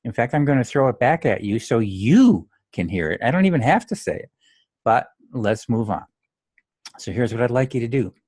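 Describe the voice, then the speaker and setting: A man with a low-leaning, slightly mellow voice coaches golfers on their mental game in a direct instructional monologue. He's blunt and straight-talking, saying phrases aloud to demonstrate the difference. The recording is clean studio sound with no room sound.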